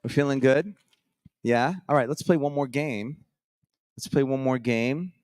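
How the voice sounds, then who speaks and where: A man's voice: medium pitch, measured pace, darkish tone, no room sound, clean studio sound. A man hosting a live show on a conference stage, telling stories in an upbeat, chatty, rambling way with many restarts. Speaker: host.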